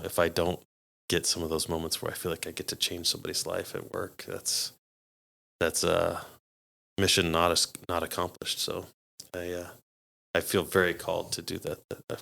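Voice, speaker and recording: Low and creaky, this man's voice carries his casual storytelling as a podcast guest. He gets animated, laughing while he imitates the voices of the people he quotes.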